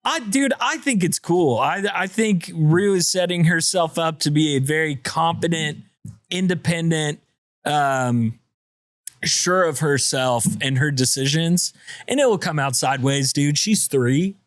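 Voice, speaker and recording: Enthusiastic male podcast host, higher-pitched, reflective and chatty, dry close mic. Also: unhurried, dry recording. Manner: enthusiastic, reflective, calls people dude. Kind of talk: casual chat.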